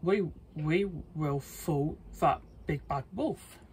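A sensible, problem-solving pig from a children's storybook, as a reader puts him on. The voice is husky and breathy, read slowly and plainly with a few restarts. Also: medium pitch, darkish tone, exaggerated voice. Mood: helpful.

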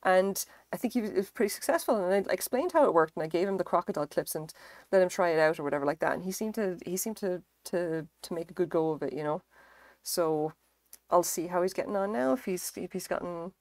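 A woman with a lilt chats away to her stream, her voice sitting on the lower side. She rambles, curses casually and pokes fun at herself. The sound is dry and close, with no room around it. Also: fast, a little mellow, dry recording. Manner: rambling, self-deprecating, swears freely. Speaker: livestreamer. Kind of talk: casual live-stream chat. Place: home craft stream setup.

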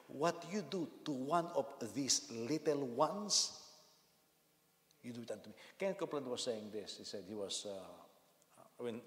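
A man preaching a sermon as senior pastor, telling stories with lively bursts and frequent restarts and repeated words. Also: mid-range voice. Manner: animated storytelling, frequent repetitions and restarts. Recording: echoey hall with long reverb.

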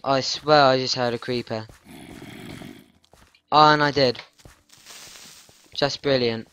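Give me a slow-talking, jumpy man narrating gameplay. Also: mid-range voice, fairly even intonation, pushed and bright, a little hiss or hum. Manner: jumpy, panicky, talks back at game monsters. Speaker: gaming channel host. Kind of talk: casual gameplay commentary.

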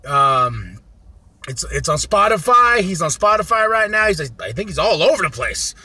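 A man talks through an album in a loose, profane vlog. He gets excitable fast and breaks into loud rants. His high voice leaps all over the place, sharp and bright, in a dry, close recording. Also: breathy edge, no echo. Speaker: music review vlogger. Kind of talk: casual profane album review.

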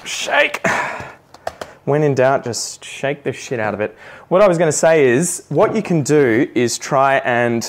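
A man's voice: mid-range voice, lively intonation, moderate pace, slight background noise. A man with an Australian accent who talks viewers through repotting a plant in a casual, self-deprecating way, with joking asides. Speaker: plant vlogger. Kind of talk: casual how-to narration while repotting.

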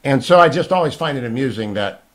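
Middle-aged guy doing a talk radio monologue, argues hard, gets loud on his big points. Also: medium pitch, lively intonation, fast. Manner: emphatic, argumentative, rising to loud outbursts. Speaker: radio talk show host.

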